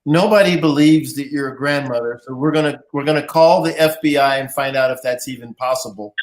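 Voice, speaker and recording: A man's voice: mid-range voice, fairly quick. A man hosting a live interview show, jovial and teasing with his guest. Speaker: host.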